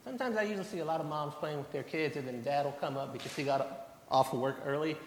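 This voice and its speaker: A young man giving a children's sermon in a church, telling a plain, gentle story to the kids. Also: a little high, quick pace. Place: church sanctuary. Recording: echoey church hall, faint hum.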